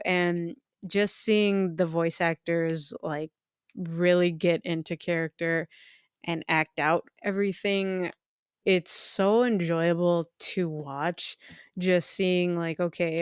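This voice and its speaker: A woman's voice: fairly low pitch, smooth, no echo, clean studio sound. A woman co-hosting a podcast, chatting casually with frequent fillers and self-corrections. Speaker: podcast co-host. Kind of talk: casual chat.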